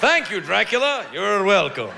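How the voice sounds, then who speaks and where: A male stand-up comic telling a story full of swearing, with a high, lively voice and a gravelly rasp. He is recorded live in a large hall with a long echo, as a loud crowd laughs behind him and the room hums steadily. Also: normal speed, very noisy. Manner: profane, animated storytelling with crowd asides. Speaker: stand-up comedian. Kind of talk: stand-up comedy routine.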